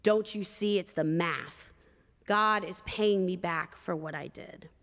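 A woman's voice: fairly low pitch, takes it slowly, a bit bright, big-room sound. A woman voicing a grieving prisoner in her fifties. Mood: anguished.

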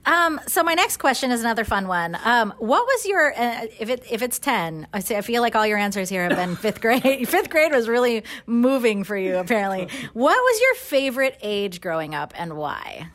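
A woman conducting a relaxed interview, asking questions and giving short responses. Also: a little high, normal speed, hardly any pauses. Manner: curious and brief, short responses. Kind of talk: casual conversational interview.

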